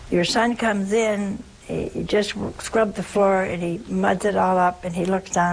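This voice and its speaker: Slow, homey woman preaching. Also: mid-range voice, little pitch movement, a little hiss or hum, poor audio. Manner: homey and humorous, with rhetorical questions. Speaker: religious speaker. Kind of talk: informal sermon.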